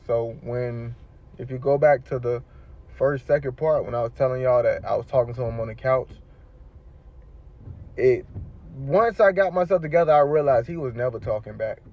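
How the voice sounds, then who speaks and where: A man's voice: medium pitch, normal speed, lo-fi sound. A man telling his own story in casual street slang, rambling with many fillers.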